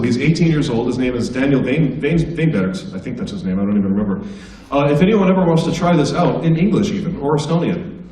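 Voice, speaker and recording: At a school assembly, an American comedian in the guest speaker slot chats with students casually, joking and sharing anecdotes in a warm, fairly high voice. The poor audio is roomy and captured from a distance.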